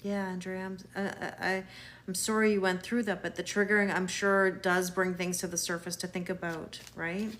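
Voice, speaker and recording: A woman's voice: fairly low pitch, little pitch movement, normal speed, a bit bright, slight background noise. A Canadian woman runs a live tarot stream, greeting viewers and answering them as she goes. Her talk is chatty and reassuring, and she often trips over and restarts her words. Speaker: tarot reader.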